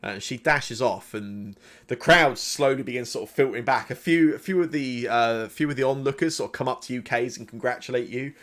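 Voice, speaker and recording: A man's voice: medium pitch, a little fast, few pauses, a bit bright. A man narrating a tabletop game as game master, loose and hesitant with many fillers.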